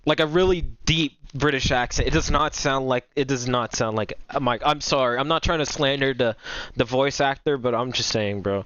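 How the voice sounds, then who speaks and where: A man's voice: mid-range voice, moderate pace, fairly bright tone, smooth, dry recording, muffled recording. A young man casually commenting on a game while chatting with viewers, rambling and repeating himself, often apologizing. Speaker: gaming streamer.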